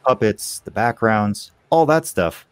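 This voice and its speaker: A man guesting on a podcast, chatting casually and telling candid, animated stories. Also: on the low side, unhurried, clear, resonant tone, no echo.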